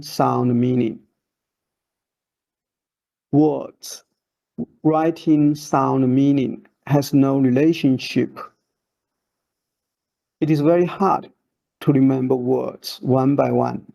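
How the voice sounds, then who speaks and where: Very slow, gravelly-voiced male teacher. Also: mid-range voice, steady tone, mellow, poor audio. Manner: slow, short broken phrases, drawn-out demonstration syllables. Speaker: Chinese teacher. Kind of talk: slow instructional voice-over.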